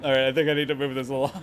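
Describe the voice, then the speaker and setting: A man doing critical live gameplay commentary, sarcastic and swearing, with frequent laughs. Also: mid-range voice. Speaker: game streamer.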